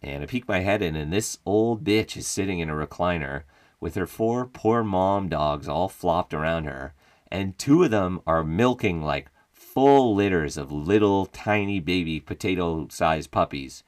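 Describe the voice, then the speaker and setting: Deep-voiced man telling a crude funny story. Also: expressive, unhurried, no room sound, studio quality. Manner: profane, wry, laughs while telling. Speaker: podcast host telling a personal story. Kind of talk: casual comedic storytelling.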